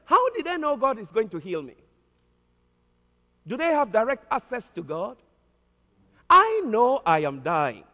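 A man's voice: high voice, a bit bright, heavily acted. A man voicing a blunt, serious young woman who is dying, as he quotes her in his sermon. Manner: blunt, insistent. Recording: long hall reverb.

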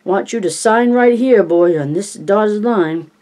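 A reader putting on a wisecracking eleven-year-old boy from an audiobook, pitched well above the reader's own voice and pushed loud. He clowns in screechy comic voices. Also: unhurried, lightly acted. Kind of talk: audiobook reading.

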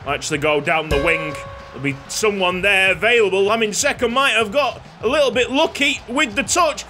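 A man giving excitable play-by-play commentary on his own football video game, shouting and laughing when goals go in. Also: high-pitched, normal speed, faint music behind. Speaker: gaming YouTuber.

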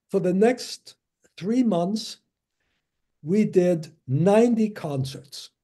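A man in his nineties from Germany, giving a lecture as a string of anecdotes, halting with many fillers and restarts and chuckling as he tells them. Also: high-pitched, dark tone. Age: 90s. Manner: chuckles while recounting stories.

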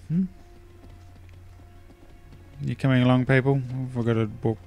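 Aussie guy mumbling thru his game, chatty asides, mid pitched voice. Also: steady tone, a little slow, darkish tone, clear, resonant tone, soft background music. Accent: Australian. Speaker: let's play gamer. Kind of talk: casual gameplay commentary.

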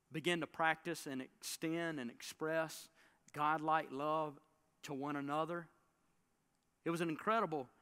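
A man preaching a sermon as a pastor, telling a story with dramatic swings between loud bursts and hushed lines. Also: on the high side, clean tone. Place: church sanctuary.

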